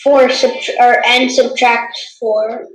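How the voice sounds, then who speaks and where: A woman's voice: on the high side, flat delivery, slow, roomy sound, poor audio. A tired female student answering algebra questions on a video call, hesitant and correcting herself. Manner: hesitant, with fillers and self-corrections. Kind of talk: answering in a tutoring session.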